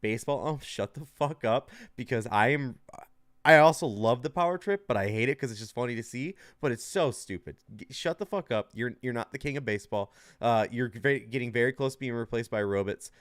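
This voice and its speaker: A man's voice: mid-range voice, a little fast, no room sound, clean studio sound. A man co-hosting a sports betting podcast, rambling loosely with frequent laughs and swearing. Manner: rambling, laughing often, profane. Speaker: podcast co-host. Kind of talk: casual sports chat.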